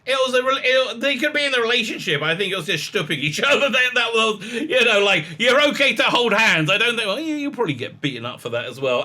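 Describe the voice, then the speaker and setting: A middle-aged man hosts a casual commentary, reading an article aloud and rambling with many fillers, restarts, and laughs. His voice is high-pitched with a sharp tone.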